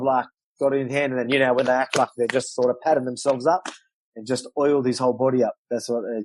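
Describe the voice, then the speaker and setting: A man telling a fight story in a casual interview, animated and loose, acting out what people said. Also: mid-range voice, rough recording. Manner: animated storyteller, loose swearing, acts out quotes. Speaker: guest, professional fighter.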